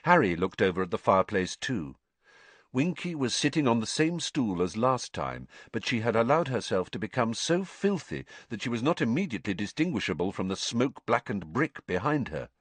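A man reading a children's novel aloud as an audiobook narrator, expressive storytelling. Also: lowish voice, normal speed, dry recording. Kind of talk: scripted narration.

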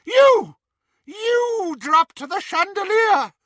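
A man putting on a shrill, cruel witch. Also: big pitch swings, takes it slowly, bright, forceful tone, dry recording, clean studio sound, exaggerated voice. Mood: shrieking. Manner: shrill and taunting. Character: cruel, shrieking adult witch, menacing and unhinged.

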